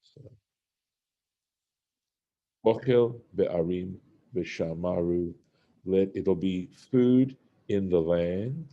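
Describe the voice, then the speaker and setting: A man with a low, very dark and mellow voice leads a Torah study. He talks slowly and works through the text phrase by phrase, reading the Hebrew and then giving its meaning. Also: dull audio. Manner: unhurried, reads Hebrew and translates phrase by phrase. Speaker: Torah teacher. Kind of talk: verse-by-verse study lesson.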